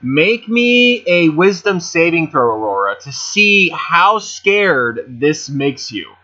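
A man's voice: a little high, sing-song, slow, sharp tone. A man running a tabletop game over voice chat, describing scenes in a chatty way full of fillers and asides. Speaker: game master. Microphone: home voice chat mic. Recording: muffled voice chat audio.

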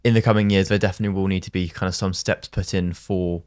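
A man's voice: low voice, little pitch movement, fast talker, a little mellow. A young man hosting a casual podcast interview, speaking thoughtfully with hesitant fillers. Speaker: podcast host.

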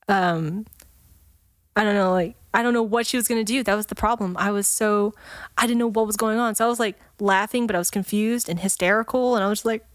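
A woman guest on a podcast, telling a story in lively casual chat, laughing often and acting out the voices of the people in it. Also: mid-range voice, no echo. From Texas, USA. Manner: animated, laughs often, acts out quoted voices.

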